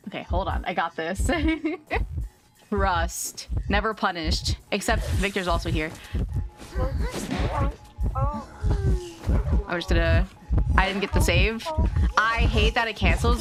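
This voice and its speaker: A woman's voice: medium pitch, slow pace, pauses often, loud music behind the voice. A woman streaming a game live, chatting casually in a chatty, giggly and jumpy way. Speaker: VTuber streamer.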